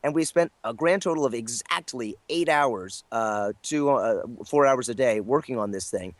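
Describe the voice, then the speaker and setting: A man with a medium-pitched voice, speaking at normal speed with no echo, appears as a guest voice actor in a casual storytelling interview. He rambles through an anecdote full of fillers and self-deprecating asides.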